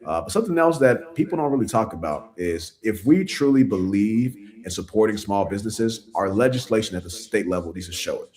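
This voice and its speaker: A man's voice: fairly low pitch, expressive, a little fast, hardly any pauses, a little mellow. A man, a city council member running for office, talking earnestly in a casual interview and laughing at himself.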